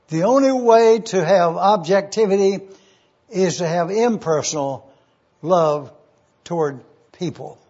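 A man preaching a numbered teaching sermon, speaking slowly and deliberately and repeating key phrases. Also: high voice, a little mellow, husky, lo-fi sound.

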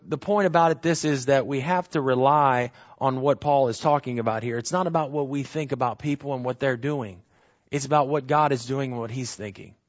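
A man's voice: on the high side, muffled recording. A man preaching a sermon as pastor, earnest and emphatic, repeating key phrases and asking the congregation rhetorical questions.

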